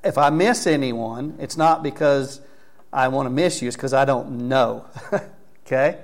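A pastor with a mid-range voice preaches at a measured pace in a church sanctuary. He speaks conversationally, recognizing congregation members by name, then closes in prayer.

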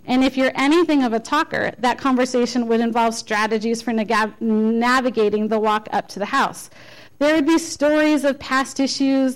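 A woman delivers a church message in an informal, conversational way. Her voice sits a little high. She pokes fun at herself and often restarts her sentences. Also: low-quality recording. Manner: conversational, self-deprecating, with frequent restarts. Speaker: lay speaker giving a church message. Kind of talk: informal sermon.

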